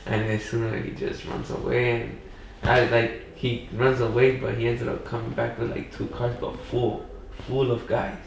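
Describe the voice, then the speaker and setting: This young adult from Pacoima, Los Angeles, is a man guesting on a podcast, telling a rambling casual story thick with "like" and "you know." He has a mid-range voice with vocal fry, a flat delivery, and a moderate pace. The mic is far off in an echoey room, with slight background noise.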